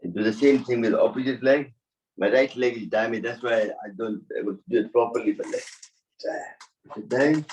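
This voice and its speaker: A man's voice: mid-range voice, fairly quick, a little mellow, distant mic, a little hiss or hum, rough recording. A man leading a yoga class, giving short spoken cues in loose, non-native English phrasing. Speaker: yoga instructor. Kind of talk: guiding a laughter yoga class.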